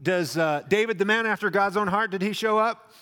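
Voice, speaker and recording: A man's voice: sits high, a little fast, sharp tone, smooth, voice pushed up. A boastful ancient king, as a preacher puts him on, heaping on mock-grand praise in a raised, lifted voice. The words ring out with a long reverb trailing through a big hall.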